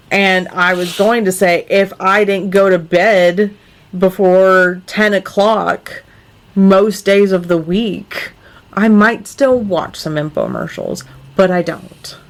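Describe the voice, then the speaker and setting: A woman's voice: medium pitch, animated, slow pace. A young adult woman co-hosting a casual podcast, talking earnestly and filling her sentences with "like.". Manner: earnest, lots of "like" fillers. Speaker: podcast co-host.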